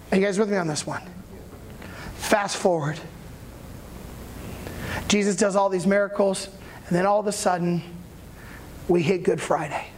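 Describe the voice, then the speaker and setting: A pastor preaching in a conversational, animated way, retelling a story and checking in with the audience. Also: mid-range voice, moderate pace, pauses often. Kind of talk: sermon.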